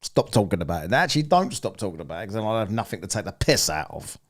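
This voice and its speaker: A man's voice: fairly low pitch, very animated, quick pace. A man giving mocking, profane commentary over a live stream, laughing at the people he watches. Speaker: streamer reacting to a debate.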